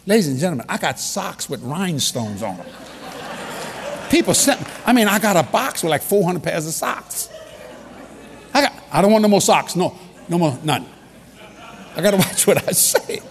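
Lively husky preacher in a reverberant hall. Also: male voice, sits high, normal speed, pauses often, slight background noise. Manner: animated, repeats key lines for emphasis. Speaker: preacher leading a ministry. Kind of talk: humorous storytelling sermon. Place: large hall with an audience. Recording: long reverb of a large hall.

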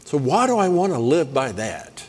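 Guy preaching, lively and playful, reeling off bible verses, big hall echo. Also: mid-range voice. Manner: lively, playful preaching, rapid scripture references. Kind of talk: sermon. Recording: long hall reverb.

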